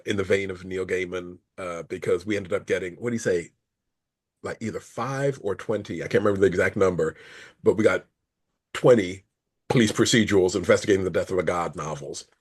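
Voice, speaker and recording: Rambling storytelling man, low voice. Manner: rambling, self-correcting, laughs while telling stories. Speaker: author guest. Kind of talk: casual interview storytelling.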